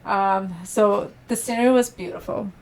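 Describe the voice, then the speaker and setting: A woman's voice: mid-range voice, fairly even intonation, moderate pace, rough recording. A woman speaking as a podcast guest in a mid-range voice. She recounts her experiences casually and chattily, sprinkling her sentences with "like". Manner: chatty, fills speech with "like". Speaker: podcast guest, meditation practitioner. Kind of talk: casual interview chat.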